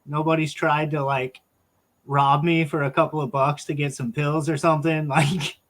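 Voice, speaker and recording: A man's voice: on the high side, flat delivery, moderate pace, fairly bright tone. A man from Washington State chatting as a guest, loose and profane, telling stories with laughs. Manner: loose, swears freely and tells stories with laughs. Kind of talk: casual chat.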